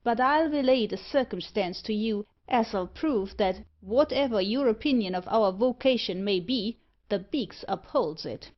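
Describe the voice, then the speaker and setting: A woman's voice: medium pitch, animated, unhurried, few pauses, close to an everyday voice. A woman voicing a cheerful, greedy male dog thief who speaks in breezy dialect in a storybook reading. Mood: jovial. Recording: muffled lo-fi audiobook recording.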